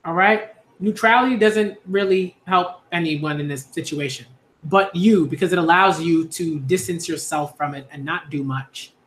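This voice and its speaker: A man's voice: a little high, normal speed, a bit bright, roomy sound. A man speaking earnestly in a casual monologue, repeating himself with many fillers and restarts. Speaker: YouTube commentator.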